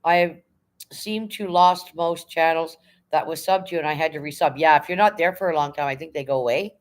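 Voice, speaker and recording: A middle-aged woman hosting a casual livestream, with a fairly low voice. She reads viewer comments aloud and greets people one by one in a chatty, unhurried way. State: emotional, near tears when talking about her late dog. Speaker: livestream host reading chat.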